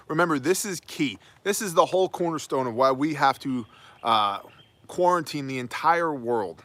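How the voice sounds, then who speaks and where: A man's voice: mid-range voice, fairly bright tone, no echo. A man delivering an opinionated daily news monologue, emphatic and preachy, with wry asides. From United States. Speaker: prepper news commentator.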